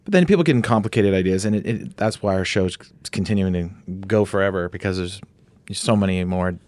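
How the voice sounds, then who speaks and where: A man with a lowish voice explains ideas in an animated, rambling way during a casual podcast conversation. The sound is dry and close, with no room around it. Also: a little fast, no room sound. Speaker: podcast co-host, guest.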